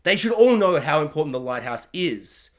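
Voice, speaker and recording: Young male reviewer, slightly high pitch, loose chatty monologue that jumps into quoted lines. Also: moderate pace. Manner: rambling, animated, acts out characters' lines.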